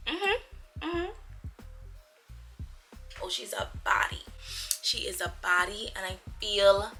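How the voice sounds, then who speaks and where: A woman's voice: medium pitch, bright, forceful tone. A young woman in a casual vlog to camera, talking in a playful, chatty way with slangy asides in her morning voice. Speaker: vlogger.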